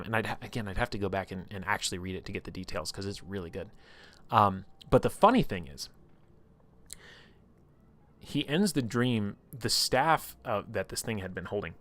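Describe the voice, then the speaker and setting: A man's voice: fairly low pitch, a bit bright. A man casually retelling a story on a livestream, rambling and swearing often.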